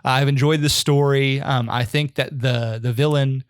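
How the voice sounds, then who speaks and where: A man's voice: mid-range voice, fairly even intonation, normal speed, smooth, no room sound. Chatty man, dry close sound. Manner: rambling, self-deprecating, laughs often. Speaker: guest on a video game podcast. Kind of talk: casual chat.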